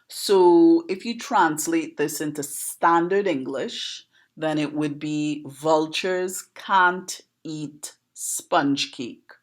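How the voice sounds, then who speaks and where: Slow, low-voiced Trinidadian woman teacher. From Trinidad and Tobago. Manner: patient, questioning, teacherly. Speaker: poet and educator. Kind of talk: explaining a proverb to camera.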